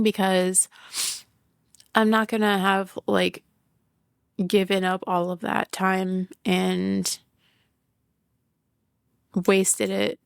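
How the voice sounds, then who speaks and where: A woman's voice: mid-range voice, vocal fry, clean tone, no echo, clean studio sound. A woman hosting her own podcast, talking candidly about work and family in a rambling, casual way, with lots of "like", swearing and laughter. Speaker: podcast host; business owner and mother. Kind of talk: casual personal monologue.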